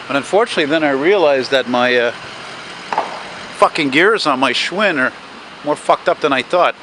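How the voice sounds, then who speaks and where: A man's voice: on the high side, expressive, normal speed. A man narrating a casual walking vlog outdoors, rambling and swearing as he chats to his viewers. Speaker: vlogger. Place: outdoors on a city street at dusk. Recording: street noise and passing cars. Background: street traffic.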